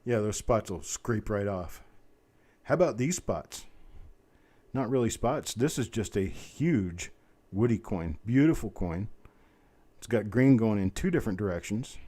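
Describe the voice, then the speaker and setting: A man with a drawl runs a live coin auction, chanting bids fast and then slowing down for chatty asides. His voice sits low, with a dark, mellow tone. He sounds like a seasoned middle-aged auctioneer. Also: animated. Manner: rapid bid-calling chant mixed with folksy chatter. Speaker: auctioneer host. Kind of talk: live online auction calling.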